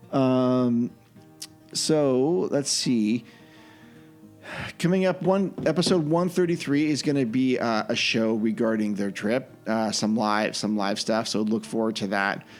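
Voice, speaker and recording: A man's voice: mid-range voice, darkish tone. A man hosting a podcast, chatting casually in an easygoing, rambling way as he wraps up the show. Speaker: podcast host.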